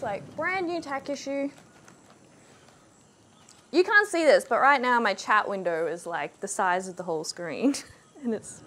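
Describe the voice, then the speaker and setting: A young woman streams a game and reacts out loud, exclaiming and laughing often. Her voice is high and swoops all over, though she talks at an unhurried pace. Game sounds play loudly behind her. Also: a little hiss or hum. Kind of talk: live gameplay commentary.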